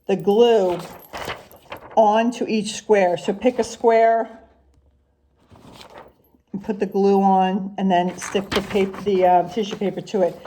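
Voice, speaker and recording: Woman, preschool teacher; gentle, slow, mellow read-aloud voice with a sing-song storybook lilt. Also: mid-range voice, fairly even intonation, slight background noise. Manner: gentle, asks the children simple questions. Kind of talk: reading a picture book aloud to young children.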